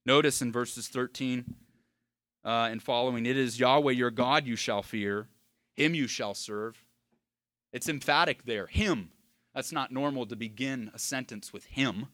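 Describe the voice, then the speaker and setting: A man preaching a sermon to his congregation, swinging from hushed, low passages to loud, emphatic peaks. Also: dry recording, clean studio sound. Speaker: pastor.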